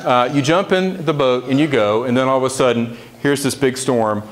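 A man's voice: mid-range voice, moderate pace. A man giving a casual, conversational sermon in a church service, often checking in with the congregation. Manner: conversational, chatty asides, frequent "right?" to the congregation. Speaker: preacher.

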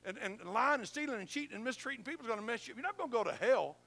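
A man's voice: very high voice, expressive, rapid-fire, creaky, fairly bright tone. A man preaching a sermon in a church, folksy and emphatic, teasing his congregation. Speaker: pastor. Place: church sanctuary.

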